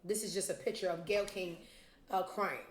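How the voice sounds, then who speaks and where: A woman's voice: lowish voice, steady tone, brisk, roomy sound. A woman hosting a casual commentary show, blunt, profane and sarcastic, talking straight to her viewers. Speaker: show host.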